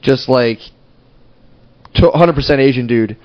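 A man's voice: medium pitch, a little slow, no room sound, muffled recording. Profane, rambling storytelling man. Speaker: podcast co-host. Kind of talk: casual chat.

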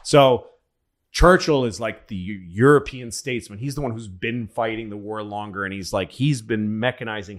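A man's voice: lowish voice, moderate pace. A man telling history stories in a rambling, profane, casual way as a podcast co-host. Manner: rambling, profane, acts out quotes.

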